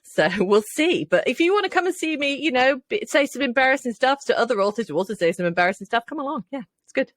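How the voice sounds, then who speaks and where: A woman's voice: sits high, expressive, quick pace, hardly any pauses, no room sound, clean studio sound. A woman with a Mancunian accent co-hosting a casual podcast chat, chatty, enthusiastic and jokey. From Manchester. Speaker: podcast co-host and author.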